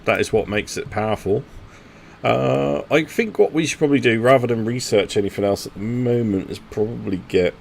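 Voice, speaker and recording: A man's voice: medium pitch, fairly quick, creaky, a little hiss or hum. A man, chatting casually with teammates while live streaming a strategy game and thinking aloud. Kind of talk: casual gaming commentary talking to teammates.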